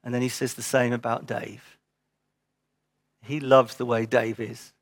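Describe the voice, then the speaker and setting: A man's voice: medium pitch, little pitch movement, a little slow, no echo. A man preaching a sermon as pastor, earnest and emphatic, repeating short phrases, then giving church notices.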